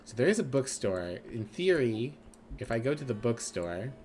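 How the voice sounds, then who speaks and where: A man's voice: medium pitch, big pitch swings, normal speed, a little mellow, a little hiss or hum. A man streaming a video game, reading its text aloud and slipping into character voices with playful asides.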